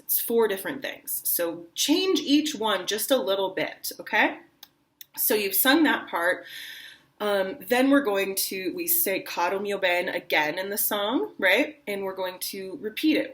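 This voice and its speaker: A young adult woman teaching an online singing lesson, talking casually and acting out lines with lively drama. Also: mid-range voice, measured pace.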